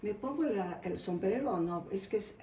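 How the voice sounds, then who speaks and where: A middle-aged woman artist from Mexico with a Mexican Spanish accent, a native Spanish speaker giving a casual, rambling, excitable tour of her home studio and slipping into Spanish. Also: mid-range voice, fairly quick, recorded from a distance, a little hiss or hum. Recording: echoey room, voice from off-mic, faint ambience.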